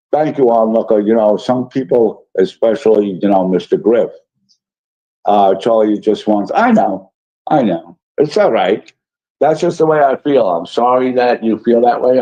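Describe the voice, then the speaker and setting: A warm, lowish male voice comes through dull lo-fi stream audio. Hosting a relaxed livestream, he reads out chat messages and responds apologetically, wandering off track and using lots of fillers.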